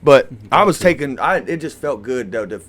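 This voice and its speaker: A man's voice: mid-range voice, animated, normal speed, fairly bright tone. A man co-hosting a podcast, telling a fight story in a rowdy, profane way and laughing through it. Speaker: podcast co-host. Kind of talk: casual storytelling chat.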